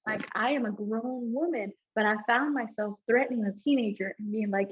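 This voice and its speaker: A woman telling her personal testimony to a church group, animated and informal, acting out the dialogue she recalls and often speaking to the audience directly. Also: a little high, moderate pace, hardly any pauses, husky, highs cut off. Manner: animated storytelling, acts out quoted dialogue, laughs often; informal, addresses audience as y'all and guys. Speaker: abuse counselor and youth mentor.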